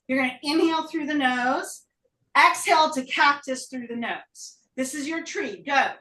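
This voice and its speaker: Breathless woman calling yoga cues. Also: high voice. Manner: brisk, energetic calling of breath counts. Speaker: yoga teacher. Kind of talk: live online yoga class cues. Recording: roomy echo, voice from a distance.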